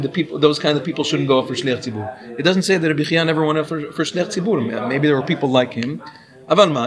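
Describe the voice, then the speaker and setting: A man teaching a class, explaining and asking his students questions as he goes. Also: mid-range voice. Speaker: Torah teacher. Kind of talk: classroom lecture on Hebrew pronunciation.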